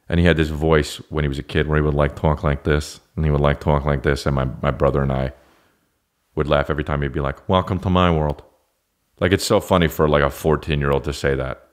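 A man hosting a podcast, rambling through a profane, self-mocking comedic monologue that keeps going off track. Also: low voice. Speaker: podcast host.

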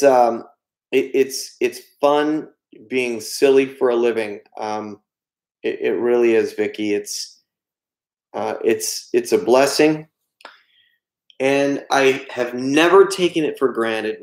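A man's voice: medium pitch, steady tone, takes it slowly, a little mellow. A man hosting a livestream, joking and self-deprecating as he answers chat messages. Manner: jokey, self-deprecating, reads chat aloud. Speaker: livestream host. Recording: echoey room.

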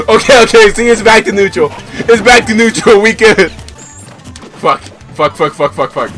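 A young man giving loud, excitable live commentary while playing a fighting game, swearing and laughing as he plays. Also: high voice, normal speed, long pauses. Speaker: gaming YouTuber. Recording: game music playing behind.

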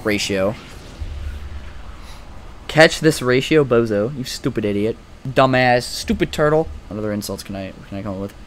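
A young man giving casual, profane let's-play commentary, excitable and trash-talking the game as he plays. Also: medium pitch, moderate pace, long pauses, a little hiss or hum. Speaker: gaming commentator.

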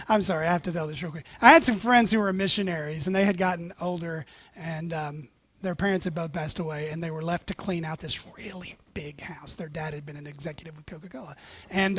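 Pastor, male, higher voice, dry close sound, animated storytelling sermon. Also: no room sound.

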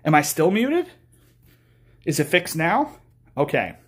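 A man's voice: on the high side, very animated, slow pace, breathy edge. A man streaming live from his phone, rambling and teasing his chat in a goofy, playful way. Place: car, then home.

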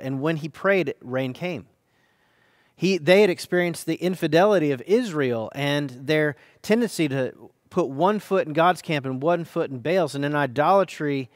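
A man preaching a sermon as pastor, reading scripture dramatically with earnest, hushed and emphatic turns. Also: fairly high pitch, no room sound, clean studio sound.

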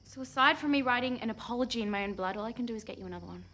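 An actress plays a snobbish young dance student with an Australian accent. She speaks quickly in a slightly high, dismissive, sarcastic voice. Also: a bit bright, lightly acted. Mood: snide. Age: young adult.

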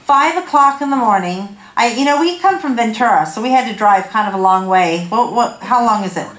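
High-voiced woman preaching in an echoey church. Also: animated, a little fast, a bit bright. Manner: candid, self-deprecating storytelling with laughs. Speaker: guest speaker. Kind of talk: humorous sermon. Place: church sanctuary. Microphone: handheld corded mic.

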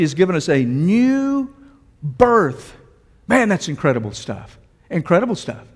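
A fairly high-voiced man preaches a sermon. He drops to a hush on key words, then climbs to loud emphatic peaks. His voice rings out with long reverb across a church sanctuary. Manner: swings from hushed to shouted emphasis, drawn-out key words.

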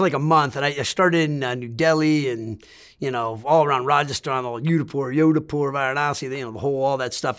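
A man's voice: medium pitch, a bit bright. A man telling a travel story in a rambling, casual way, swearing often and stammering as he restarts his sentences. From United States. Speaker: interviewee.

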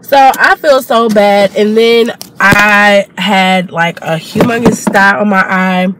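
A woman's voice: medium pitch, takes it slowly, noisy background. A young woman, a new mother, chatting casually to her vlog camera while she has a cold. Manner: chatty, addresses viewers as y'all.

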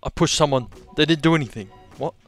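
A young man with an Australian accent giving excitable let's-play commentary, gasping and repeating his exclamations. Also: on the high side, fast, faint music behind. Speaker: gaming video host.

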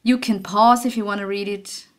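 A woman's voice: mid-range voice, fairly even intonation, normal speed. A young woman commenting on a horror game as she plays, easily startled, swearing and laughing nervously. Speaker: gaming channel host. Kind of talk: let's play commentary.

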